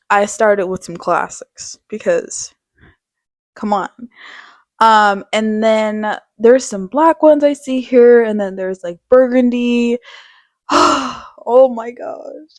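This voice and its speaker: A woman's voice: a little high, dry recording, studio quality. A young woman vlogger gushing dramatically over office outfits and shoes in casual, slangy chat. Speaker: fashion vlogger. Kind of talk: casual product showcase.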